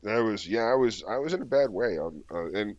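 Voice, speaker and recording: A man with a very deep voice chatting on a podcast. He rambles and restarts his sentences as he tells stories. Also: expressive, fairly quick, dry recording, highs cut off. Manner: rambling, hesitant. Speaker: podcast co-host. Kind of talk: casual chat.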